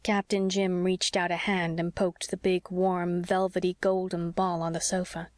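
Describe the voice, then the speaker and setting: A woman reads a classic novel aloud in a calm, measured way, her voice a little low. The recording is close and dry, with no room around it. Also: no echo. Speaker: audiobook narrator. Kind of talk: scripted narration.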